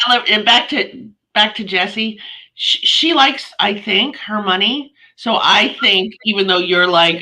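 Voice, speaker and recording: Bright-voiced woman, lively co-host. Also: medium pitch, unhurried, rough recording. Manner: animated storyteller who acts out her own quotes. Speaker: co-host, real estate agent. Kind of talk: casual business chat.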